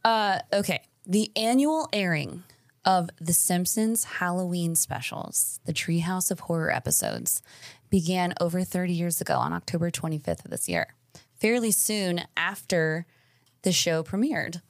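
A woman hosting a quiz game during a casual podcast chat, reading clues aloud with halting fillers. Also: lowish voice, no echo, studio quality.

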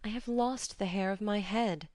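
A woman's voice: mid-range voice, moderate pace, darkish tone, dry recording, pitched above the performer's own voice, lightly acted. Shamed young goddess, pleading and tearful, dry audiobook sound; a woman reader voicing her. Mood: ashamed, pleading. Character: grieving young goddess, ashamed and sobbing.

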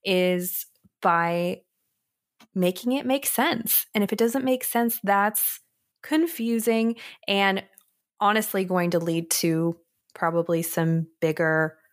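A woman in her thirties co-hosting a casual parenting podcast. She speaks earnestly, stacking repeated phrases one after another, with a middle-pitched, ordinary voice. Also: steady tone, takes it slowly. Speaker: podcast co-host.

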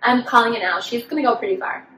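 A young woman co-hosting a podcast in casual chat, talking fast with lots of "like" fillers and mimicking voices in her stories. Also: fairly high pitch, a bit bright, recorded from a distance. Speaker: podcast co-host. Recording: echoey room, a bit off-mic, faint background noise.

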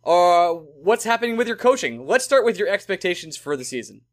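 High energetic guy cohosting a sports podcast, bouncy voice, goofs on names. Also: brisk. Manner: animated, joking, stumbles over names. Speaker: podcast co-host. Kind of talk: casual chat.

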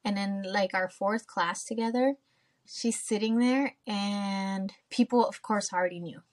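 A woman hosts a podcast in relaxed, casual chat, at a middle pitch that is neither high nor low. She speaks candidly and swears freely, and she often slips into her own past remarks as she tells a story. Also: measured pace. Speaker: podcast host.

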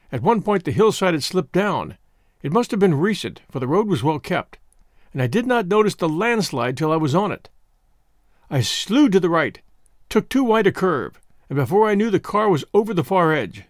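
Man, audiobook narrator, high voice, animated delivery, dry studio sound. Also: dry recording. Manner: measured storytelling with acted dialogue. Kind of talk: scripted first-person narration.

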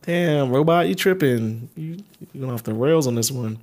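A man's voice: mid-range voice, expressive, moderate pace, darkish tone. A man from the Baltimore area co-hosting a podcast in loose, profane casual chat, laughing often. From Baltimore area, USA. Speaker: podcast co-host.

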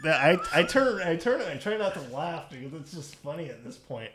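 Male podcast guest, higher-pitched voice, lively storyteller. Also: normal speed, crowd noise. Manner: animated storyteller, laughs often. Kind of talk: casual chat.

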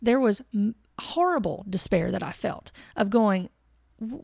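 A woman sharing a personal faith testimony in an earnest, halting way, often restarting and repeating words. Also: a little high, expressive, gravelly, darkish tone, dry recording, clean studio sound. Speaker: Christian speaker sharing testimony.

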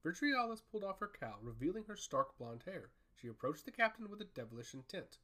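A man narrating a fantasy story in a storybook style, with an expressive, rising and falling delivery. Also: high-pitched, brisk.

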